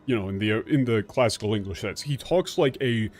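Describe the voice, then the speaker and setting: A man streaming a game, casually explaining the translation in an animated, profane way. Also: lowish voice, brisk.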